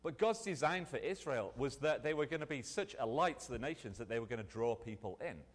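A man delivers a sermon in a relaxed, conversational manner, and his pitch rises and falls in a lively way. He sits at an ordinary middle pitch for a man. His voice rings with long reverb, as if recorded in a church hall. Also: a little fast. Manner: animated, conversational, with restarts. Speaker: preacher.

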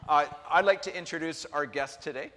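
Male pastor, high bright voice, chatty sermon with asides, big reverberant hall. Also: fairly quick, a little hiss or hum. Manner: lively, conversational, joking asides. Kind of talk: sermon and live interview. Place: church sanctuary.

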